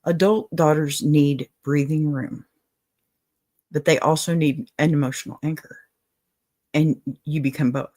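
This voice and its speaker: A woman's voice: sits low, steady tone, a little slow, pauses often. A woman hosting an advice show, talking casually and reassuringly to a viewer. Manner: gentle, reassuring, apologetic asides. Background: dog in the room.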